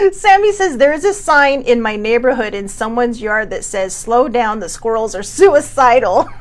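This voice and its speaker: A woman in her forties hosting a casual self-care talk show, chatty and rambling, laughing often and a bit congested. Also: medium pitch. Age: 40s. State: coughing, sinus congestion. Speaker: host.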